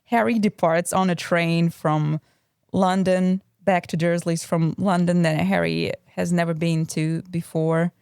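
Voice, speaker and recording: Woman cohost, smooth clear voice a bit on the low side, analytical, dry close mic. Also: steady tone, unhurried, darkish tone, dry recording. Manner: analytical, shares looked-up facts. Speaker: podcast co-host. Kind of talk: casual book discussion.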